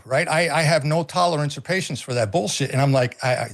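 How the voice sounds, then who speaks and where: High-voiced emphatic middle-aged man. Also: fairly quick, a bit bright. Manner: emphatic, repeats phrases, swears freely. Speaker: co-host. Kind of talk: casual political talk stream.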